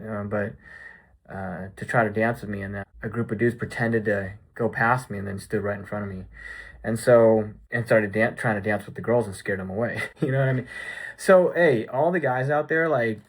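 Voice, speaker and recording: A man's voice: fairly low pitch, breathy edge. A man chatting casually in a recap vlog, rambling with lots of "like" and "you know". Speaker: vlogger.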